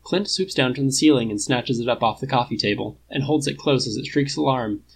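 A man's voice: medium pitch, a little fast, gravelly, hardly any pauses, breathy edge, poor audio. A man narrating a fan-fiction story in a casual, wry reading style. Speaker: podfic reader.

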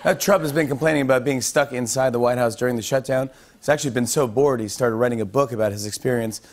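A man's voice: medium pitch, fast talker. A man hosting a late-night talk show, delivering a comedy monologue with punchy, playful emphasis before a live studio audience. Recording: studio audience laughter and noise.

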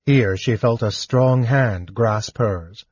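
A man narrating a fantasy audiobook in a measured, even storytelling manner. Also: mid-range voice, slightly rough, no echo, muffled recording.

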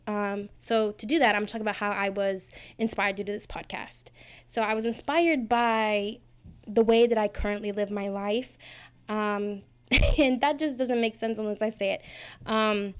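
A woman's voice: mid-range voice, clear, resonant tone. A woman in her twenties hosting her own podcast, talking casually in a chatty, rambling, self-deprecating way, recorded in a small home setup. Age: 20s. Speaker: podcast host. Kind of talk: casual solo podcast chat.

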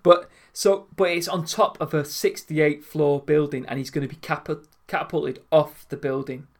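A man's voice: on the high side, fairly even intonation, normal speed, gravelly. A man in casual chat, telling stories animatedly and laughing often.

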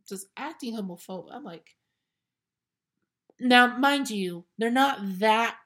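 A young woman in her twenties hosts her own show and rants casually. She is blunt and sassy, and she swears freely. Her voice sits at an everyday middle pitch. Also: takes it slowly, pauses often, fairly bright tone. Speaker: podcast host reacting to clips. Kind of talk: casual ranting commentary.

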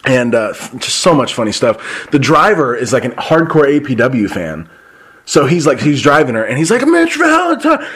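A man's voice: mid-range voice, lively intonation, moderate pace, a bit bright, husky. A man hosting a podcast, telling loose, profane, rambling anecdotes in casual chat. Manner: frequent restarts and fillers. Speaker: podcast host.

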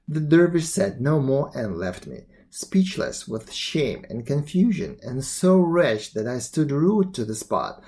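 A man's voice: mid-range voice, darkish tone. Man reading a storybook aloud. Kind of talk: storybook read-aloud narration.

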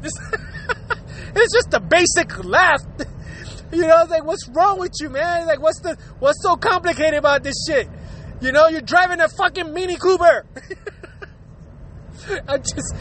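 A man's voice: very high-pitched, bright, forceful tone, slight background noise. A man hosting his own show, ranting profanely about bad drivers and laughing often as he talks. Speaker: podcast host. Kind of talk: casual comedic rant.

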